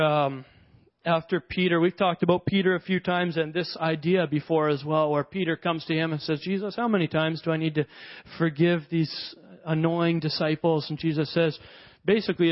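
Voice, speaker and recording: Man, sermon, conversational, acts out characters, higher voice, muffled sound. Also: flat delivery, a little fast. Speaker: preacher.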